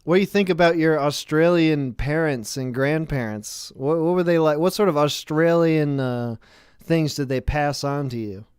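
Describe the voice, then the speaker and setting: A man hosts a relaxed online chat, ribbing his friends in a playful, teasing way. His voice sits a little high and comes across smooth. The mic sound is dry and close. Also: normal speed, no room sound. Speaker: host. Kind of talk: casual chat.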